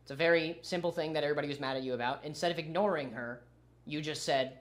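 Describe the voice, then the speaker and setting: A man's voice: fairly high pitch, fast, a bit bright. A man livestreaming his reaction to a video, arguing his point and answering his chat. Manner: argumentative, talks back to chat. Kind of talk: casual livestream commentary.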